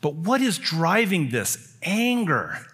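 A man's voice: a little high, huge pitch swings, slow pace, a bit bright, breathy edge. A man preaching a sermon, emphatic, building his points with repeated phrases.

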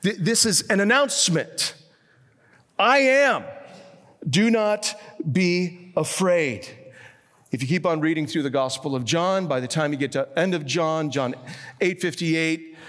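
Animated male preacher in a reverberant hall. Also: a little high, moderate pace. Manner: animated, swings between hushed and emphatic. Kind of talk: sermon.

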